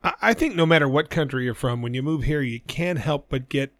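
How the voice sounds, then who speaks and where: A man's voice: on the high side, fairly quick, a bit bright, no room sound, clean studio sound. A man, co-hosting a podcast in blunt, profane, laughing casual chat. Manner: blunt, swears a lot, laughs easily. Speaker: podcast co-host.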